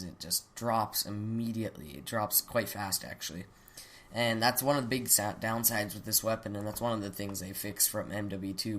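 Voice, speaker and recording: A man's voice: lowish voice, a bit bright. A young man hosting his gaming channel, chatting loosely through a weapon review on a desktop mic, stopping to excuse his hiccups and coughs. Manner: chatty, rambling, self-interrupting. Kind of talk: casual game commentary. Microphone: desktop USB mic.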